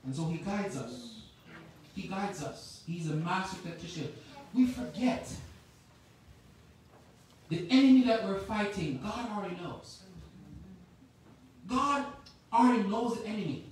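Lady preacher in a church, swings loud to quiet, really echoey and kinda far from the mic. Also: a little high. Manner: impassioned, swings from loud exhortation to quiet reflection. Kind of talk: sermon. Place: church sanctuary.

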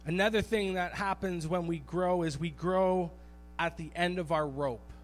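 A man preaching a sermon as pastor in a church, animated and storytelling, repeating phrases for emphasis. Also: sits high, a little slow, a little hiss or hum. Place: church sanctuary.

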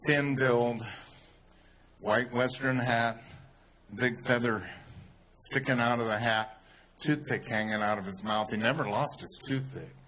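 A man with a Texan accent telling a story in a speech to a crowd, rising to loud, emphatic peaks. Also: mid-range voice, measured pace, long pauses. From Texas. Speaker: speaker at a rally.

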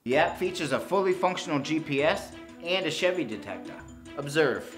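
A brash, foul-mouthed man with a thick Boston accent delivers a comedy sales pitch. His pitch climbs and swings all over the place, and music plays clearly underneath him. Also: animated, fairly quick. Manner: brash, crude and boastful. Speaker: inventor pitching to investors.

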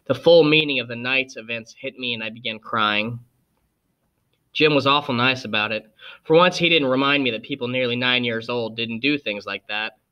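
Man reading a novel aloud, bright tone. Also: mid-range voice, normal speed, clean tone, dull audio. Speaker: audiobook reader. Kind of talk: scripted narration.

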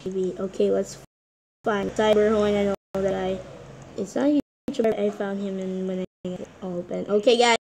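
A woman giving excitable, chatty commentary while playing a game, often calling out to "guys". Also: mid-range voice, moderate pace, slight background noise. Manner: excitable, keeps repeating "guys". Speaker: gaming vlogger.

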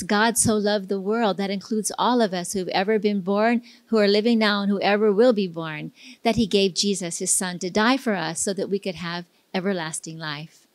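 A woman's voice: medium pitch, no echo. Woman, pastor's wife, earnest testimony storytelling; dry, close sound. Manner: earnest storytelling, acts out dialogue.

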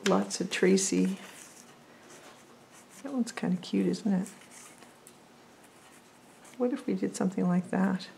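A woman's voice: mid-range voice, takes it slowly, creaky, pauses often, dark tone, slight background noise. A woman vlogging as she makes paper crafts, chatty and thinking aloud as she works. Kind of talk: casual crafting chat.

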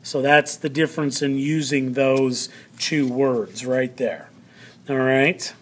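A male teacher giving a vocabulary lesson to students, drawing out words slowly and checking in often. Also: mid-range voice, fairly even intonation. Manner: slow, drawn-out word pronunciation with frequent "all right" check-ins.

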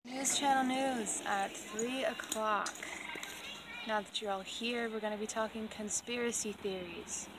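Slow, deliberate female news anchor , as a woman puts her on, mock broadcast over a noisy outdoor recording. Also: on the high side, fairly even intonation, recorded from a distance, close to an everyday voice. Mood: mock-serious.

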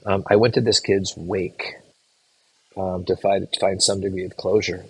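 A middle-aged man who teaches physician assistant students tells them a case story, earnest and halting, often restarting words. His voice is low-pitched, slightly rough, and level in tone, and the recording is rough.

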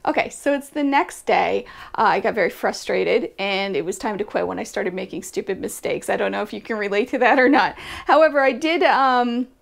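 A woman's voice: medium pitch, fairly quick, creaky, few pauses. A woman hosting a casual sewing tutorial, chatting and thinking aloud as she works, with a self-deprecating, friendly way of talking. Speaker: quilting channel host.

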